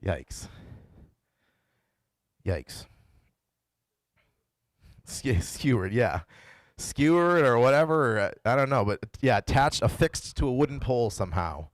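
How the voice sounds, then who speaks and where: A male pastor gives a casual, conversational sermon, retelling the story in his own words and playfully doing the voices of the characters he quotes. His voice is animated and medium-pitched at a normal speed, and the recording is dry.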